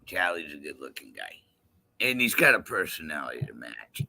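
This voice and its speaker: A man chatting casually, loud, crude and heavily profane. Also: a bass voice, very animated, normal speed, vocal fry. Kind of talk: casual chat.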